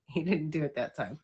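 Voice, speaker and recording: A woman's voice: sits low, fairly bright tone, slightly rough, muffled recording. A woman chatting casually to her dog, playful and laughing, slipping into baby talk and casual swearing. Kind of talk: casual chat.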